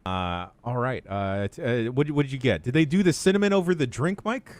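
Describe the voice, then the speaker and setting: A man's voice: medium pitch, lively intonation, brisk, a little mellow. A man hosting a podcast in casual chat, laid-back and swearing freely as he tells anecdotes. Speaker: podcast host.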